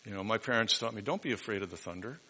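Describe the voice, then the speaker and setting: A man preaching a sermon, moving from hushed, reflective passages to loud, emphatic proclamations. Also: on the low side, rapid-fire, rough recording. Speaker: pastor.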